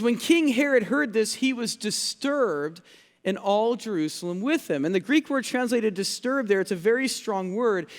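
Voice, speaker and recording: A man's voice: high-pitched, big-room sound. A male pastor preaching a sermon, teaching earnestly, stressing key words and repeating phrases for effect. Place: church sanctuary.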